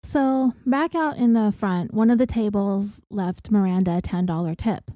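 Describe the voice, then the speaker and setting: A woman's voice: mid-range voice, normal speed, warm tone, dry recording. Blunt, profane woman podcast host. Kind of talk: casual retelling of a TV episode.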